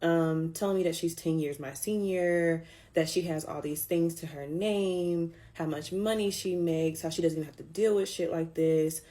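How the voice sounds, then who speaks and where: A woman's voice: deep voice, steady tone, normal speed, warm tone. A woman casually recounting a painful breakup, candid and swearing, her voice climbing when she stresses a point. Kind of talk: casual storytime.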